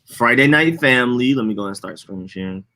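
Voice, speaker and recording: A young man co-hosts a podcast in relaxed, slangy chat. His voice is bright and forward, and he laughs often as he talks. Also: mid-range voice, a little fast. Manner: laughs often, animated, loose slangy talk. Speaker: podcast co-host. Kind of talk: casual chat.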